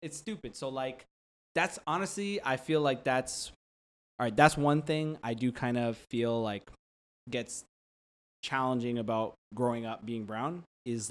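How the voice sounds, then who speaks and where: A young man co-hosts a loose, casual chat at an ordinary pitch. He rambles through his points with plenty of "like" fillers and breaks into brief, animated impressions. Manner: rambling, heavy use of "like" fillers; animated, drops into quick voice impressions.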